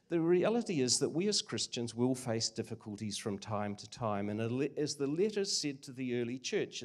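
An older man preaching a sermon, earnest and conversational with frequent hesitations. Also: mid-range voice. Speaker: guest preacher.

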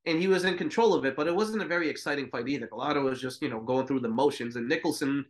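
A man's voice: mid-range voice, rapid-fire. A man co-hosting a boxing podcast, talking in a laid-back, profane way full of filler words. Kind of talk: casual chat.

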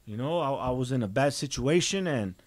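A man recounts his life story on a podcast in a dry, close-miked setting. His delivery is blunt and emphatic, with frequent cursing, and he sits at an ordinary mid pitch. There is no room echo around his voice. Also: animated, fairly quick. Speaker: podcast guest. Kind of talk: casual storytelling.

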